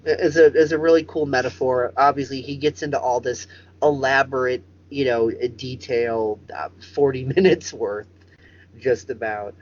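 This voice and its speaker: A man's voice: medium pitch, steady tone, moderate pace, lo-fi sound. A man hosting a comedic chat show over a video call, rambling and swearing for emphasis. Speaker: host.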